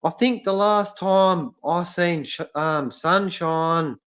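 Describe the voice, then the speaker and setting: A man with an Australian accent chats casually on a live stream, reading out viewers' comments. His voice sits slightly high and he speaks haltingly, stopping often to restart. The sound is muffled and lo-fi. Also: a bit bright, clear, resonant tone. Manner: halting, many fillers and restarts. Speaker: livestream host reading chat. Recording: lo-fi dull sound.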